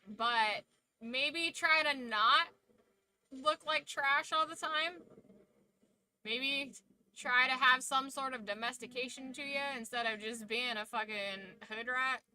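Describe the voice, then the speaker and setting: On a low-quality recording, a woman with a high, sharp voice talks unhurriedly to her viewers during a watch-along stream. Her live chat is casual and rambling, with free swearing and thoughts left trailing off.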